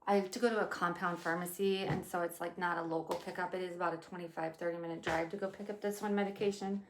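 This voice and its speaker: A woman in her fifties chatting casually as she plans her day out loud, rambling and swearing now and then. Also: fairly low pitch, level tone, fast talker, reverberant. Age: 50s. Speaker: vlogger. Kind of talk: casual day-planning chat.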